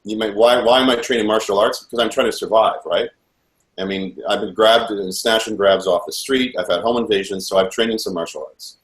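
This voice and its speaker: A man's voice: lowish voice, steady tone, a little fast. A man giving earnest, intense personal testimony, telling a story and replaying what others said. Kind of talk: personal testimony, recounting events. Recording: echoey room.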